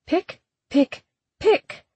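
A woman's voice: extremely slow, darkish tone, no room sound. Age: older. Figure: a woman voicing a stern older noblewoman lecturing on manners, prim and scolding.

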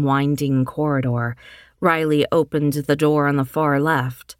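A woman narrating an audiobook in a measured, steady reading. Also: sits low, no room sound, studio quality.

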